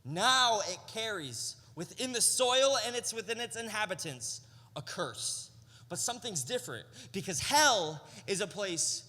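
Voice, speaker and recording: A young man preaching to a youth group, spinning animated stories in casual slang and checking in with "right?" His voice sits high and swings widely with a bright, sharp edge. The sound rings with the long reverb of a large hall. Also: a little slow. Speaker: youth pastor. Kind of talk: youth sermon.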